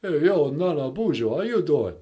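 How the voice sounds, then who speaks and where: Man doing a gruff boxer guy, "hey yo" slang, swings up and down. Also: fairly high pitch, very animated, normal speed, dark tone. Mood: swaggering. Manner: mumbled street slang, "hey, yo". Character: gruff tough-guy boxer celebrity impression.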